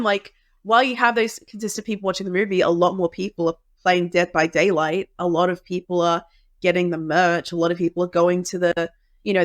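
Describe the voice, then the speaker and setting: Woman talking fast and animated on a podcast, dry close sound. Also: lowish voice, dry recording. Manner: animated, many fillers. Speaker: podcast guest. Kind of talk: casual chat.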